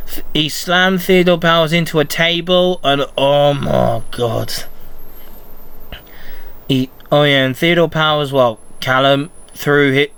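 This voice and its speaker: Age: adult. Sex: man. Role: podcast host. Style: slow, rambling solo recap with a higher, smooth voice. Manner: rambling, excitable fan chatter.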